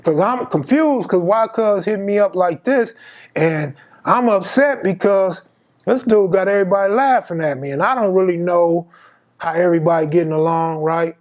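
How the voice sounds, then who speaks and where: A man's voice: sits high, normal speed. A man in his fifties from Los Angeles telling a personal story in casual, slangy street talk, acting out the dialogue. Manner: slangy, animated, acts out dialogue. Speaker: storyteller host.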